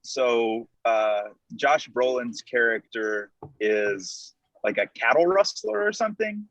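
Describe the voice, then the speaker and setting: A man's voice: mid-range voice, animated, slow pace, a bit bright, dry recording, low-quality recording. A man from Texas with a Texan accent, talking on a movie podcast in a hesitant, rambling way. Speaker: podcast guest. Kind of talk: casual podcast chat.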